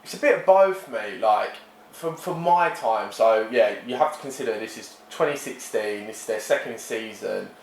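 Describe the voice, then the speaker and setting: A man's voice: fairly low pitch, normal speed, gravelly, slight background noise. Guy, young, chatty anecdotes, voices the people in his stories, roomy sound. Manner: animated, acts out voices in anecdotes. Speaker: podcast guest. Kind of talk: casual storytelling chat. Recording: echoey room.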